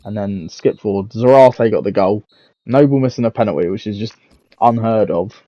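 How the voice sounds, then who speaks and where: A man's voice: on the low side, normal speed, dry recording. Rambling man, dull dry mic. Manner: rambling, self-mocking, swears casually. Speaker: gaming YouTuber. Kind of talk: casual gameplay commentary.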